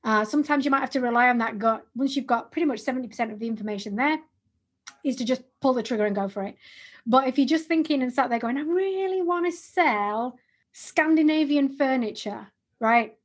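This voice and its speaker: A woman in her forties co-hosting a business podcast, chatty and animated, often restarting her words. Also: a little high, quick pace, breathy edge. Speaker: podcast co-host. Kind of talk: casual business podcast chat.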